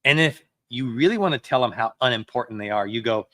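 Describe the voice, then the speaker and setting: A man's voice: mid-range voice, lively intonation, quick pace, sharp tone, no room sound. A man preaching a sermon as a pastor, in a conversational way that acts out everyday excuses.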